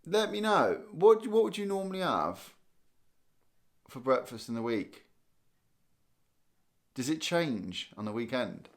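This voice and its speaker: A man's voice: medium pitch, big pitch swings, takes it slowly, pauses often. A man from Guernsey hosting a casual live stream, tired and chatting loosely as he reads viewer comments aloud. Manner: chatty, rambling, thinks aloud with restarts and small laughs. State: tired, yawning. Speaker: livestream host.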